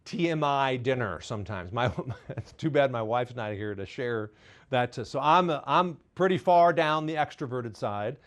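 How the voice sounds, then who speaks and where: Before a live studio audience, a man gives a talk on parenting and faith, candid and self-deprecating with light humor. He speaks expressively at a normal speed, swinging between loud, high-pitched emphasis and soft, low asides.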